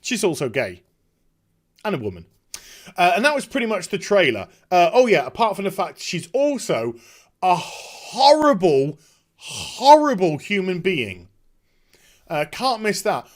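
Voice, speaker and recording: A man's voice: high-pitched, wildly swooping pitch, normal speed. A middle-aged man giving casual, sarcastic commentary on a trailer, with chuckling asides. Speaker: YouTube commentator.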